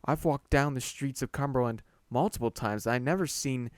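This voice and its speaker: A man reading a horror story aloud in a slow, deliberate narration. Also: mid-range voice, no room sound, clean studio sound.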